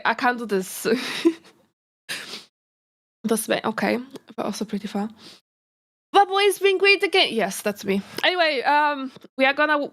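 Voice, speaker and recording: A woman VTuber chatting casually on a reaction stream, giggly and rambling, often breaking off mid-sentence and bursting into excited remarks. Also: on the high side. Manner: giggly, rambling, self-interrupting; excitable outbursts.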